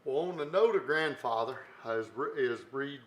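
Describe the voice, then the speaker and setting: A man's voice: medium pitch, lively intonation, normal speed, a little hiss or hum. Folksy man hosting a live stream. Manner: folksy and rambling, many fillers and restarts. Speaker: host. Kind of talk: live-stream chat reading viewer comments.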